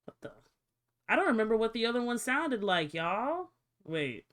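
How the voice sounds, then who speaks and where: A woman streamer chatting casually to her viewers, swearing freely and reacting out loud while she fiddles with settings. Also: on the high side, very animated, moderate pace. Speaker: livestreamer. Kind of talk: casual livestream chat.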